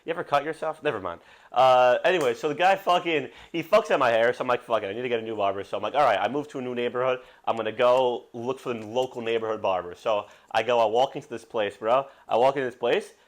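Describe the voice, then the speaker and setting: A man's voice: medium pitch, fast. A young man from Brooklyn, hosting a podcast and telling rambling, profane stories in casual chat. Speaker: podcast host.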